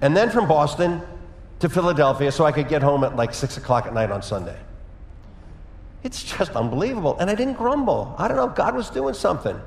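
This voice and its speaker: A man preaching a sermon as pastor, telling a personal story in a conversational way with lively asides. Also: on the high side, fairly quick, vocal fry. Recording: echoey hall with long reverb.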